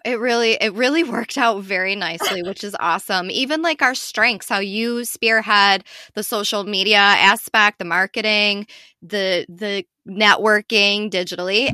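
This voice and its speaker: Woman podcast co-host, bright and candid, dry close-miked sound. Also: mid-range voice, no echo. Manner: candid and expressive, swears casually. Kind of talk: casual chat.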